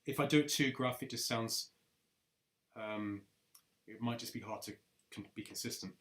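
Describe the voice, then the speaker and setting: A man's voice: medium pitch, moderate pace, long pauses, a bit bright. A young man chatting casually between takes, rambling and correcting himself as he talks. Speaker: video creator. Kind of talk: casual chat while recording voice lines.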